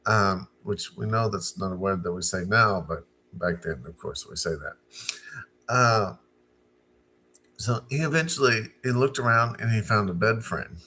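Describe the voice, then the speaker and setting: Slow, bright-voiced man telling a story. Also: fairly low pitch, slight background noise. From Arkansas. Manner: unhurried, halting with fillers and restarts. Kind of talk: casual storytime monologue.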